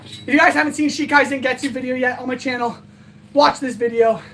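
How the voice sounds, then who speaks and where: High voiced woman streamer, super tired n out of breath, rambly thank-yous to chat. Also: steady tone, fairly quick, fairly bright tone, slight background noise. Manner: rambling, earnest, thanks viewers often. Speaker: livestream host. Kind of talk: casual livestream sign-off chat.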